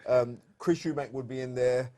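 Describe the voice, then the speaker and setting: A man's voice: mid-range voice, steady tone, normal speed, warm tone. A man co-hosting a boxing show, talking emphatically with many stammered restarts. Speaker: boxing pundit co-host. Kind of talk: casual studio chat.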